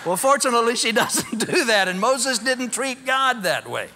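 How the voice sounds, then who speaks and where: A man's voice: extremely high pitch, sing-song, normal speed, pushed and bright. A man preaching a sermon, telling the story with humor and acting out the quoted lines.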